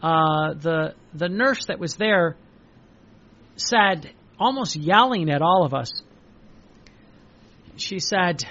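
An older male priest with a high voice, preaching and weaving in stories from his own life. He talks haltingly, stopping to repeat himself and filling gaps with "uh". The recording sounds dull and lo-fi. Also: animated, pushed and bright. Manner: halting, repeats words, many fillers.

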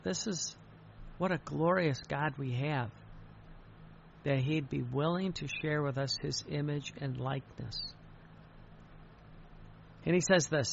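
A man preaching a sermon in an earnest way, often repeating words and quoting in a lowered voice. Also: a little slow, gravelly, pauses often, highs cut off, slight background noise.

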